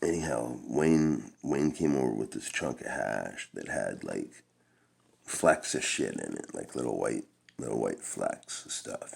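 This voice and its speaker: A man's voice: very deep voice, unhurried, gravelly, breathy edge. A middle-aged man telling a long-winded, profane personal story in a laid-back, rambling way. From Canada.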